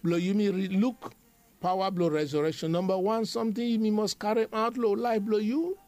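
A man's voice: high-pitched, steady tone, brisk, a little mellow, no echo. A man preaching a devotional sermon in a repetitive, emphatic cadence.

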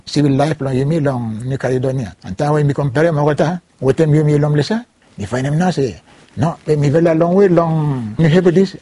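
A fairly high, warm voice with a breathy edge belongs to a man recounting his life story for an interview. He speaks with a Ni-Vanuatu Bislama accent, haltingly shifting between Bislama, English and French, and the audio has no echo.

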